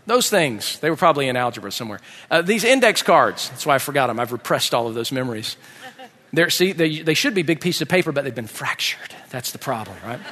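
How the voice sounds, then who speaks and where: Animated pastor in a reverberant hall. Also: male voice, medium pitch, a little fast. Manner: animated, acts out his kids' voices. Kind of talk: sermon with storytelling.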